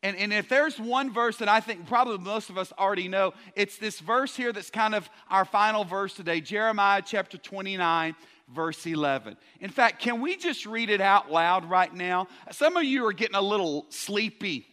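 High, bright-voiced preaching man in a reverberant hall. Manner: energetic, joking, talks to the congregation with quick restarts. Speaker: pastor. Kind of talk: sermon.

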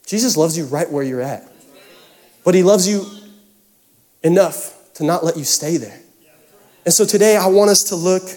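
A man's voice: high voice, darkish tone. A man preaching a sermon, casual and joking as he talks straight to the congregation. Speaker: pastor.

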